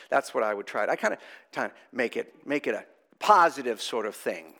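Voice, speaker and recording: Lively-voiced man preaching a sermon. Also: mid-range voice, fairly quick. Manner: animated, conversational preaching with rhetorical questions. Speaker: priest.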